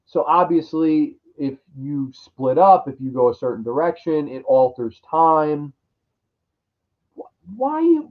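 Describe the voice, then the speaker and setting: A man ranting through a crude, exasperated horror movie review, mocking the characters in put-on voices. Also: sits high. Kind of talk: profane ranting film review. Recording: dull lo-fi audio.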